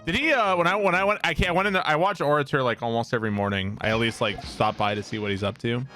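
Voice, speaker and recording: A young man streaming a game, rambling and swearing, often laughing and breaking into loud outbursts at the game. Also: medium pitch, quick pace, faint music behind. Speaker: gaming streamer. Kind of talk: casual gameplay commentary with chat.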